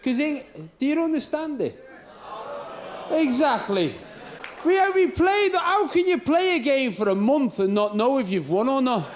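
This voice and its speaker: A man's voice: very high voice, sing-song, measured pace, crowd noise. A man from England doing a stand-up comedy set on a club stage, rambling and sweary with mocking asides.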